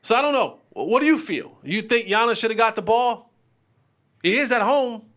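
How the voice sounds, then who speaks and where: Lively high-voiced sports show host. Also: male voice, normal speed. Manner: animated, chatty, acts out players' lines. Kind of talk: casual sports commentary.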